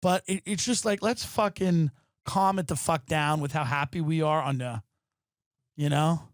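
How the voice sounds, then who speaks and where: Brief: male comic host, fairly high voice, profane animated rant, dry close sound. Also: normal speed, no echo. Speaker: podcast host. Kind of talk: ranting comedic monologue. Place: his apartment.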